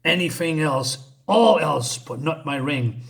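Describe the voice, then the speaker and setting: A man reading aloud as a proud, desperate king of the gods, jumping into high, strained outbursts. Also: expressive, measured pace, vocal fry, fairly bright tone, full character voice.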